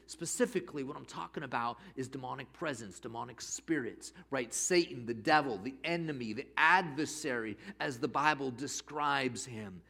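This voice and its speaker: Middle-aged male pastor, sermon delivery, bright and slightly high voice, animated storyteller. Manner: animated storytelling with rising emphasis. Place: church service.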